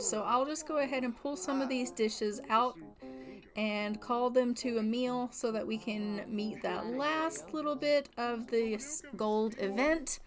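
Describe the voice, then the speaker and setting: Casual female gameplay host, slightly high voice, playful running commentary over background music. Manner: chatty, voices the characters playfully. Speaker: gaming channel host.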